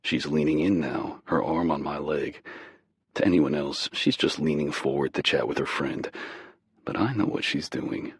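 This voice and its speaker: A man with an extremely deep, gravelly voice narrates a romance audiobook in the first person. His tone is husky and slow, with an intimate, low-key delivery. The recording is dry and close to the mic. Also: dry recording.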